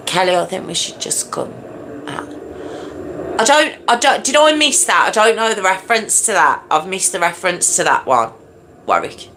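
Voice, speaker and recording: A woman's voice: medium pitch, big pitch swings, normal speed, background noise. A woman hosting a casual livestream, chatting with viewers and apologising often, sometimes dropping to a whisper. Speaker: livestream host. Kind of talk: casual live chat with viewers.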